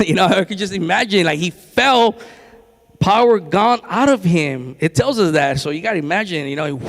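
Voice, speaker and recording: High-voiced man preaching in reverberant church. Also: a little slow. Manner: lively storytelling, acts out quotes with laughs. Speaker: guest preacher. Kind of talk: sermon. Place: church sanctuary. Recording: long church hall reverb.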